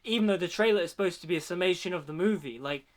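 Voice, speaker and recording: A man with a slightly higher-than-usual voice talks through a film trailer in a loose, chatty way. His sentences lean heavily on "like" as he works out his thoughts, and his tone stays informal and conversational throughout. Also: rapid-fire. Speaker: film reaction vlogger. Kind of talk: casual trailer reaction commentary.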